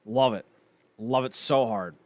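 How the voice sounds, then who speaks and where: A young man co-hosting a casual podcast, with a voice of middling pitch. He rambles excitably, stumbles through fillers and breaks into laughter often. The sound is close and dry, with no room echo. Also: measured pace. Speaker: podcast co-host. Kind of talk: casual wrestling chat.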